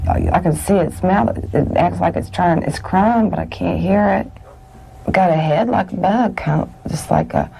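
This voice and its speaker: A young woman under hypnosis, describing what she sees in a halting, hesitant way. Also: on the low side, gravelly, mellow, a little hiss or hum, low-quality recording. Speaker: hypnosis subject.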